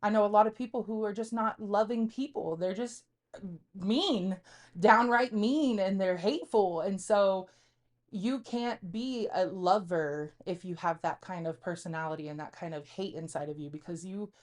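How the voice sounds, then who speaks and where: A woman's voice: mid-range voice, moderate pace, a little mellow. A woman in her thirties co-hosting a podcast, speaking candidly and confessionally in casual chat, rambling with frequent fillers. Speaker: podcast co-host.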